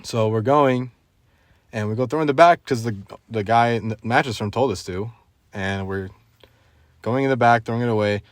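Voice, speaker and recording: A young man hosting a casual podcast, telling a story in an animated way and laughing often. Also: medium pitch, normal speed, no room sound, studio quality. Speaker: podcast host. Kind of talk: casual chat.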